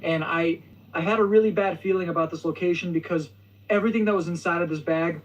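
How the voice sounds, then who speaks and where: Speaking at a quick pace in a voice on the high side, a young vlog host stumbles through a story, stuttering and restarting. The video plays across the room, and the distant mic gives a muffled recording.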